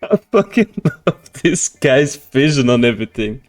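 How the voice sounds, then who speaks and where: A man's voice: medium pitch, very animated, a little slow. A man hosting a reaction video, talking casually, swearing and laughing often.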